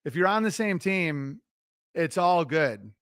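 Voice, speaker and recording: A middle-aged man talking loosely on a livestream, giving relationship advice in an animated, profane, self-interrupting ramble. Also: on the high side, slow pace, clear, resonant tone, no echo, studio quality. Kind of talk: casual rambling monologue.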